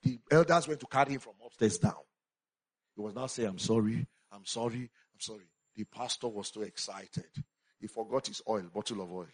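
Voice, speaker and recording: A man preaching a sermon as a pastor, animated, swinging between loud exclamations and quiet asides. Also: on the low side, a little fast, slightly rough.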